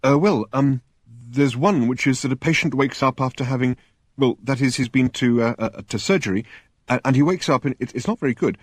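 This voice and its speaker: A man's voice: medium pitch, brisk, breathy edge, no room sound, lightly acted. A man voicing a nervous female nurse who stammers and hesitates over every word. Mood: rambling.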